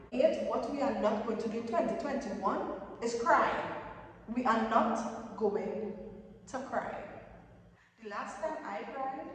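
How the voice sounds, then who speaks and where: A woman's voice: medium pitch, a little mellow, far from the mic. Emphatic woman in an echoey room. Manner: emphatic, repeats points for emphasis. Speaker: vlogger giving new-year tips. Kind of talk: casual motivational chat.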